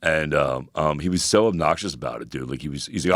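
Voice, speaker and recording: A man's voice: a bass voice, animated, quick pace, fairly bright tone, no echo, clean studio sound. A man in his forties, a personal trainer co-hosting an advice podcast, talking bluntly and profanely with lots of fillers. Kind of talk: casual advice podcast chat.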